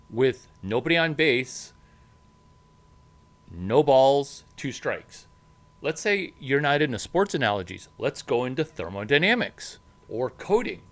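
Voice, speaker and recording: A man giving an animated talk about startups, emphatic and punchy, jumping up in pitch to stress points. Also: takes it slowly. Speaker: startup advisor. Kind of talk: animated monologue to camera.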